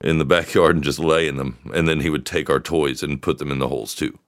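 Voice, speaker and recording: Deep-voiced wry podcast co-host. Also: male voice, fairly even intonation, quick pace, dry recording, clean studio sound. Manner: wry, rambling storyteller. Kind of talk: casual chat.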